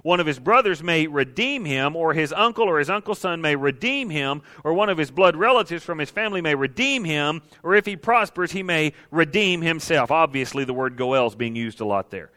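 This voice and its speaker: A man's voice: a little high, expressive, fairly quick, hardly any pauses, bright, forceful tone. A man preaching a sermon, folksy and emphatic, speaking directly to his congregation. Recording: long hall reverb.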